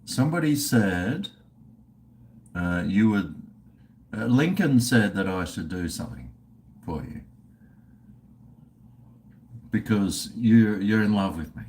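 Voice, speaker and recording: Animated, slow-talking Australian man. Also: fairly low pitch. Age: middle-aged. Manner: rambling and profane, chatting to viewers while drinking. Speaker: livestream host. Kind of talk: casual livestream chat.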